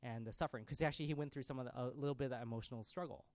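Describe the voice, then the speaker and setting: A man in his thirties preaching a sermon, telling a family story in a conversational, animated way. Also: medium pitch, racing, dry recording.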